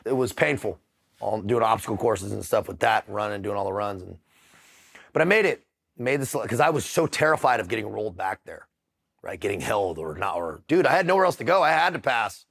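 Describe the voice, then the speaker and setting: A middle-aged man telling his story in a casual interview, blunt and profane, with frequent halting restarts. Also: lowish voice, creaky, a bit bright. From United States. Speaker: interview guest.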